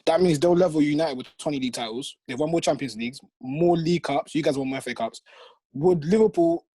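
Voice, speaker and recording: A man's voice: a little high, fast talker, dark tone, slightly rough, no room sound. A young man with a London accent hosting a casual football chat, steering the talk and pushing his points. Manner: talks over others, keeps steering the discussion. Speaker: host.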